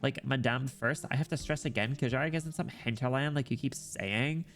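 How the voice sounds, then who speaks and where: A man's voice: medium pitch, normal speed, fairly bright tone, faint music behind, close to an everyday voice. A man voicing a flippant young woman envoy who talks like a valley girl, filling every line with "like". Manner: sprinkles "like" everywhere, breezy.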